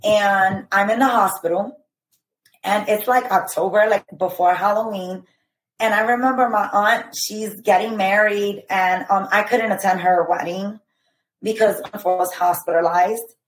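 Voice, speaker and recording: A woman's voice: mid-range voice, fairly even intonation. Woman telling a painful story, echoey. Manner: earnest, halting retelling with frequent "like" and "I remember". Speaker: podcast guest. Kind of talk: personal storytelling. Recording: roomy echo.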